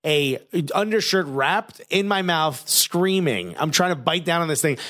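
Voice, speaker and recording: A man hosting a podcast, telling a comic story in casual, animated chat. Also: fairly high pitch, a little slow. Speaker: podcast host.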